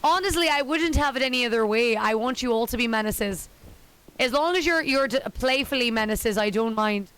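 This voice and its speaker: A woman's voice: fairly high pitch, a little fast, fairly bright tone, clear, resonant tone. A woman streaming a game, chatting casually with self-deprecating jokes. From United States. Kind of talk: casual live-stream chat.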